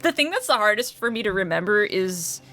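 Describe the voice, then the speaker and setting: A woman's voice: medium pitch, very animated, brisk, pushed and bright, faint music behind. A woman streamer chatting casually and giggling while playing a game. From United States. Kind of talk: casual let's-play chat.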